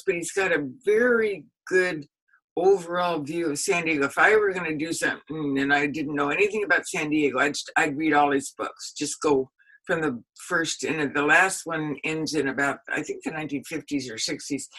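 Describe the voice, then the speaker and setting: An older woman, a historian and author, recalls stories in a rambling, anecdotal interview, laughing often as she casually reminisces. Her deep voice is a bit bright and slightly rough, and the recording itself is rough.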